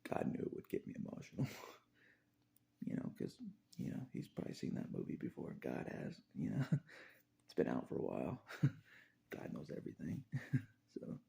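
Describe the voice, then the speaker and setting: A man's voice: deep voice, wildly swooping pitch, normal speed, creaky, pauses often, dark tone. A man talking in a rambling, confessional monologue, repeating phrases and chuckling between thoughts.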